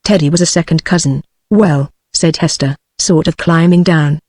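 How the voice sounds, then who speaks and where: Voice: mid-range voice, brisk, no room sound. Dry text-to-speech audiobook narrator. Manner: even, mechanical reading.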